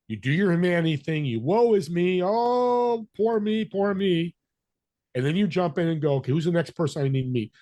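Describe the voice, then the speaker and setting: Man, husky voice, mid pitch, animated storytelling, dry close sound. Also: no echo. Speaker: podcast guest, business connector. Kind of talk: storytelling interview talk.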